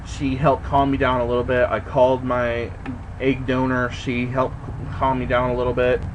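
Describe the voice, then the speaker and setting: A man telling a story in a casual vlog, animated and indignant, swearing and jumping high in pitch when he quotes himself. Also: moderate pace, highs cut off, noisy background. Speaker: vlogger. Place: indoors at home.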